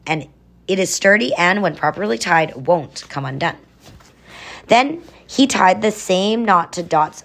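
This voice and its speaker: A woman's voice: fairly low pitch, fairly bright tone. A woman narrating a children's adventure story, adding chatty explanatory asides.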